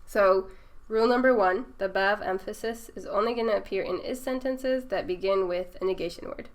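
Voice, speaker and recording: A woman's voice: mid-range voice, a little fast. A woman teaching Arabic grammar to a student, explaining rules patiently and checking understanding as she goes.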